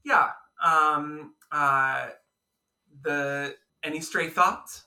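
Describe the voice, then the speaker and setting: A man's voice: a little high, very slow, bright, forceful tone, reverberant, far from the mic. A man co-hosting a podcast, chatting casually and jokingly about a film with lots of fillers. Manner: playful, jokey, many fillers. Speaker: podcast co-host. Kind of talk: casual film review chat.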